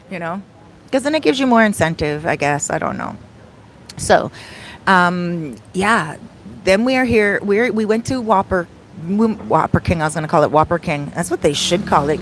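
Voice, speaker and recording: A woman's voice: mid-range voice, a little hiss or hum. A woman vlogging into her phone in a casual, rambling way, telling a story with frequent laughs and digressions. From Canada. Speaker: travel vlogger and soul coach. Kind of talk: casual chatty vlog storytelling.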